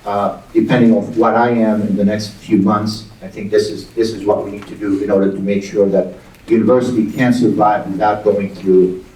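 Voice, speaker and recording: A middle-aged man, a university's acting president, speaking at a town hall in a halting way and repeating words as he thinks aloud. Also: on the low side, little pitch movement, darkish tone. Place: large hall with audience. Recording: echoey hall, distant mic.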